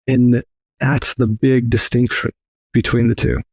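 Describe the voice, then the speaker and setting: A man's voice: medium pitch, little pitch movement, a little slow, darkish tone, no echo. A man speaking as a podcast guest, earnest and emphatic, repeating key phrases. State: briefly emotional. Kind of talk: earnest interview talk.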